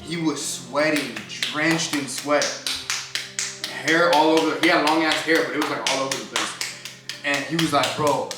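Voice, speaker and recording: A man's voice: fairly high pitch, measured pace, distant mic. A young man casually telling a story on a vlog, acting out what people said, with slangy speech. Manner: animated storyteller, acts out quotes, slangy. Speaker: vlogger. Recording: echoey room, voice off-mic, music behind.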